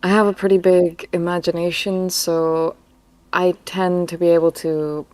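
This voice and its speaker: A woman with a mellow, rather low voice speaks on a casual live stream. She explains her creative process thoughtfully and in measured phrases. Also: flat delivery, no room sound. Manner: thoughtful, measured, laughs softly. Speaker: co-host and voice actress.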